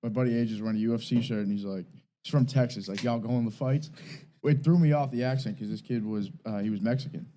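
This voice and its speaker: A man's voice: fairly low pitch, quick pace, slight background noise, rough recording. A man from New England, co-hosting a podcast and telling stories with lots of swearing. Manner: animated storytelling, swearing, laughing. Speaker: podcast co-host. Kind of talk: casual chat.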